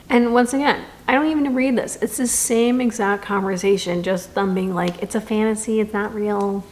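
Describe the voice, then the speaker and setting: A woman's voice: medium pitch, a little hiss or hum. A young woman reviewing a book in a casual vlog, reading quotes aloud dramatically and answering them with sarcastic, exasperated asides.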